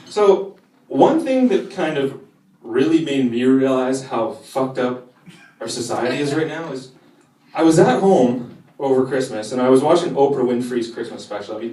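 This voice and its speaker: A man's voice: medium pitch, a little mellow, slight background noise. A young man doing a crude stand-up set, swearing and working the crowd in a cafe. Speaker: stand-up comedian. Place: cafe stage before a live audience. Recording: echoey room heard from a distance, crowd laughing.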